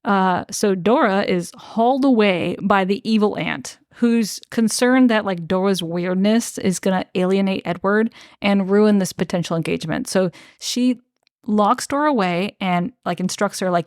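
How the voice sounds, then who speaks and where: A woman's voice: mid-range voice, normal speed, darkish tone, no echo, clean studio sound. A young woman co-hosting a podcast, recapping a book in casual chat, full of filler words and swearing. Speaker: podcast co-host.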